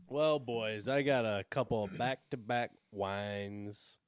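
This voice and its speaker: A man's voice: on the low side, slow pace, clear, resonant tone, no room sound, clean studio sound. A man on a casual podcast telling a story with plenty of swearing and exasperation. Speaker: podcast co-host.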